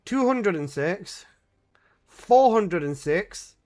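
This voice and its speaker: A man's voice: high-pitched, expressive, slow, darkish tone. A young male streamer talks to his chat in a slightly raised voice, taking his time between bursts. He exclaims and swears freely, and laughter keeps slipping into his talk.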